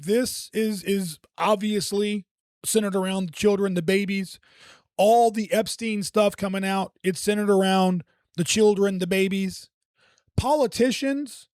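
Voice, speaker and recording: High-voiced man ranting conspiratorially. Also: darkish tone, no echo, studio quality. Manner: rambling, conspiratorial, swears often. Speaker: reaction video host. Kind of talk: casual commentary reacting to clips.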